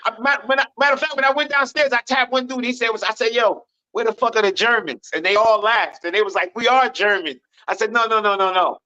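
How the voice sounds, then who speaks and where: An American man on a podcast panel, telling stories in a loud, animated voice and swearing a lot. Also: very high-pitched, quick pace, hardly any pauses. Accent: American English. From United States. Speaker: panel guest. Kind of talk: casual storytelling on a podcast panel. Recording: dull lo-fi remote audio.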